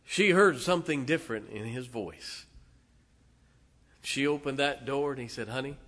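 A male preacher delivering a sermon, retelling a story dramatically with sudden loud swells and hushed drops. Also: mid-range voice, animated, measured pace.

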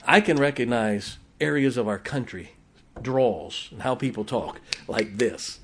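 A man preaching a sermon in a folksy, joking way, with sudden shouted exclamations. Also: mid-range voice, expressive, a little slow, noisy background. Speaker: pastor.

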